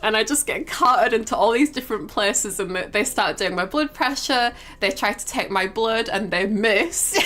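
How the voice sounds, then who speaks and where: A woman's voice: fairly high pitch, unhurried, hardly any pauses, pushed and bright. A young woman livestreamer telling a story in a casual, rambling way, full of fillers and giggles. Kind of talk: casual storytelling to a stream chat.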